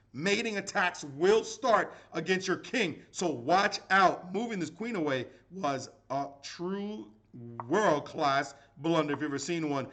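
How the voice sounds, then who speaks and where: Animated, playful male chess commentator. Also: a little high, a little slow, few pauses. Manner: animated, playful, dramatic exclamations.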